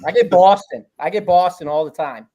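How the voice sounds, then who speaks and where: A man's voice: high-pitched, brisk, warm tone. A man talking at length as a guest handicapper, breaking down games confidently in a casual chat. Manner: talkative, confident, rambling. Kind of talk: casual sports betting analysis.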